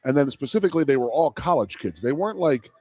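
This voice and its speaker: Animated man telling sports stories. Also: on the high side, fast. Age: 50s. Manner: animated, rambling storyteller. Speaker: radio co-host, former college football player. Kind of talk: casual sports radio chat. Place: live broadcast from a restaurant.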